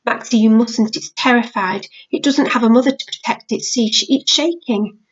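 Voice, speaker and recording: A stern, protective big sister from a storybook, sharp with her brother but gentle with the creature, as a woman reads her. She sounds a touch high and the recording is dull and lo-fi. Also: normal speed, lightly acted. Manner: stern, scolding. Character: fierce protective older sister, a girl.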